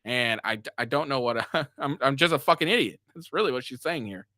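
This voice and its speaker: A man's voice: medium pitch, expressive, brisk, sharp tone, no echo. A man giving crude, mocking reaction commentary, swearing and laughing as he talks. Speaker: commentary streamer.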